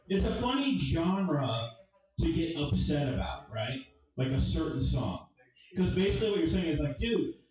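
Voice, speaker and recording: A man doing a casual stand-up set, bantering with the crowd. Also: a little high. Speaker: stand-up comic. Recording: echoey club from far off with crowd.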